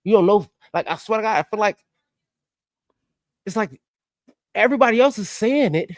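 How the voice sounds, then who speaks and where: A man co-hosting a sports podcast, ranting excitably and swinging between loud outbursts and quiet asides. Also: high voice, normal speed, pauses often, dry recording, clean studio sound. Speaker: podcast co-host. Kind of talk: animated sports podcast chat.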